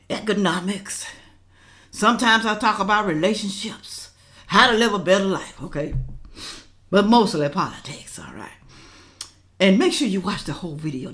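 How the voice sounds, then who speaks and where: An older woman talks straight to her viewers in a bright, animated voice that swoops up and down. She is blunt and chatty, calling her audience y'all as she comments. Her tone never sugarcoats anything. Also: mid-range voice. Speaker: reaction vlogger.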